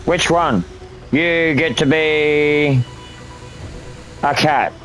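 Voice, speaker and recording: A man's voice: on the high side, extremely slow, a bit bright, faint music behind. A man voicing an offhand male afterlife gatekeeper who hands out rebirths, in a curt, matter-of-fact way.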